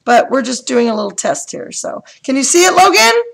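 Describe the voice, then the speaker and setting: Excitable high-voiced woman with gravelly tone. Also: a little fast, low-quality recording. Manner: excitable, chatty, asks lots of questions. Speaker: coloring channel host. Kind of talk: chatty live stream setup. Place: home room with bright lights.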